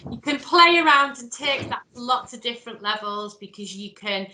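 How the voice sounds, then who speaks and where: With an expressive, pushed and bright voice on the high side, a woman leading a drama workshop gives encouraging step-by-step directions at a normal speed. The space around her is echoey.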